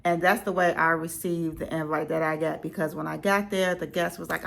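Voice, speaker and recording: A young woman vlogging from home on a slow morning, chatting casually with relaxed, slangy asides. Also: deep voice, vocal fry. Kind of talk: casual chat.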